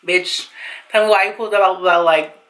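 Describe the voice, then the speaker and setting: A young woman vlogger telling a storytime tale to camera in an animated, slangy, profane way. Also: on the low side, moderate pace, poor audio. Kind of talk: storytime vlog.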